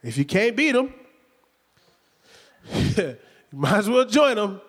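A man preaching a sermon, retelling the story lively and conversationally with rhetorical questions. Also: high-pitched, takes it slowly. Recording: long hall reverb.

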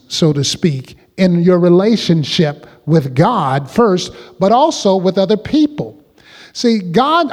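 A man preaches to his congregation with a high voice, regularly pausing to draw them into call-and-response. His words ring out with a long reverb around the church hall. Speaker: pastor. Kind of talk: sermon.

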